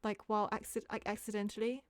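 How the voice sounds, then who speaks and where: A young woman streaming a courtroom game, chatting casually and thinking out loud. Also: medium pitch, quick pace, no room sound. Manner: excitable, thinks out loud with many "like"s. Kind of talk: casual let's-play commentary, reading game text aloud. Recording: game music playing clearly behind. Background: game music.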